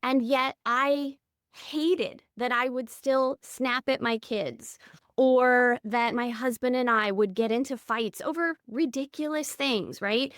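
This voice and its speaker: A woman's voice: a little high, slow pace, fairly bright tone, no echo, studio quality. A woman in her thirties, a podcast guest telling personal stories in an earnest, candid way. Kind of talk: reflective interview conversation.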